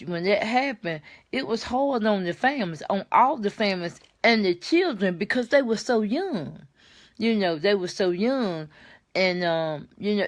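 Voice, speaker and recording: An older woman, chatting warmly on a live stream and greeting viewers by name. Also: mid-range voice. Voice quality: warm, folksy. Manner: chats with viewers by name, repeats herself, laughs easily. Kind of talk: casual live chat with viewers.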